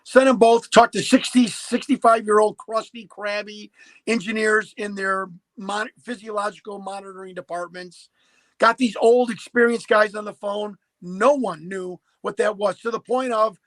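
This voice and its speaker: A man's voice: sits high, steady tone, moderate pace, a bit bright, dry recording, low-quality recording. A man in his fifties telling a story as a podcast guest, emphatic and prone to repeating and restarting words. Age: 50s. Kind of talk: animated storytelling.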